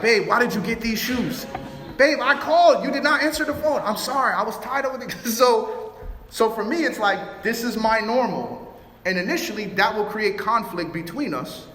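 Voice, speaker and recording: Man from Chicago giving a relationship talk: high, bright voice, animated storyteller who plays every part, echoing hall. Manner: animated storytelling, acts out both sides of arguments. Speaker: youth speaker. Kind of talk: relationship talk with personal stories. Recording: roomy hall reverb.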